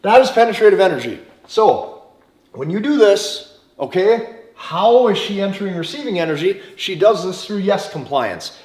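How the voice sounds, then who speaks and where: A man giving a forceful, repetitive dating lecture, swearing freely. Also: sits high, big pitch swings, moderate pace. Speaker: dating coach. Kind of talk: motivational lecture to camera. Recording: roomy echo.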